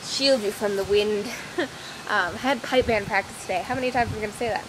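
A woman's voice: medium pitch, fairly quick. A young woman chatting casually in a scattered, rambling daily vlog, filmed outdoors on a windy, rainy walk. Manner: rambling, scattered, self-deprecating. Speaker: vlogger. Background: wind and outdoor ambience.

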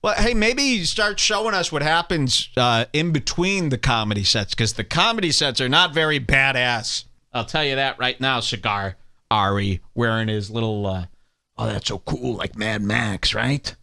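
A man's voice: medium pitch, animated, moderate pace, pushed and bright. A man hosting a podcast, ranting sarcastically and hurling insults while commenting on clips. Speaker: podcast host.

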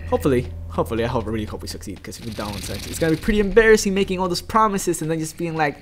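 A man giving chatty, excitable gameplay commentary, talking to his viewers. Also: on the high side, rapid-fire, slight background noise. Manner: excitable, chatty, yelps and laughs at the game; talks directly to viewers. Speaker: let's play gamer.

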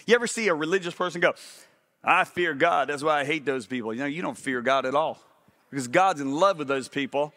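High, bright-voiced animated male preacher. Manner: animated storytelling preacher, swings between loud exclamations and low intense emphasis. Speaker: pastor. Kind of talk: sermon.

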